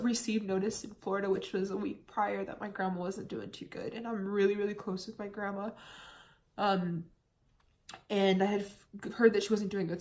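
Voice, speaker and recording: A young woman from the United States telling her own story in a candid, chatty vlog, at times holding back tears. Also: mid-range voice. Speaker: vlogger.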